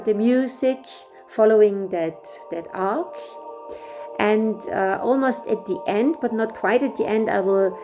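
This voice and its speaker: A middle-aged woman whose first language is German, guiding a breathwork session in a gentle, unhurried way with small restarts. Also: lowish voice. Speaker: breathwork facilitator. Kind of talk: guided breathwork instruction.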